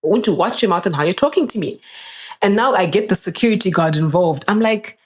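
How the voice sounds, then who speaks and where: A young woman, a podcast guest telling a personal story in a casual, animated way, her voice jumping up whenever she quotes someone. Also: quick pace. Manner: animated, jumps up in pitch when quoting people.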